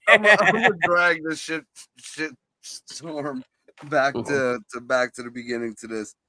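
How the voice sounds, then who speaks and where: A man co-hosting a podcast in casual chat, ranting profanely with halting restarts. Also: on the high side, steady tone, sharp tone, no echo. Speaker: podcast co-host.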